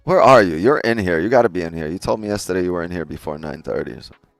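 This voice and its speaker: A man's voice: low-pitched, rapid-fire, vocal fry, dry recording, soft background music. A man hosting a casual trading live stream, talking straight to his chat in a loose, joking way and swearing often.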